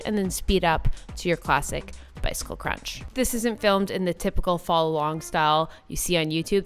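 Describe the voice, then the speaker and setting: Breezy, chatty young woman fitness vlogger. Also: mid-range voice. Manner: breezy and chatty, with many "like" fillers. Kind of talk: casual workout vlog narration.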